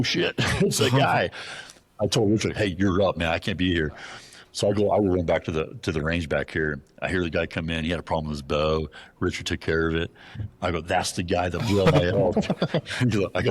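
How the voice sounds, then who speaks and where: A man telling a hunting story in a casual interview, animated and profane, acting out the voices of the people in it. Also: low-pitched, husky. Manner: animated, profane, acts out dialogue in his stories. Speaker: guest.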